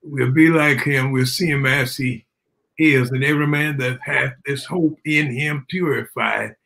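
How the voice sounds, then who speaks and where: An older man giving his son a birthday blessing in a halting, church-style speech that quotes scripture. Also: mid-range voice, steady tone, vocal fry, a bit bright. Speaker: father giving a birthday tribute.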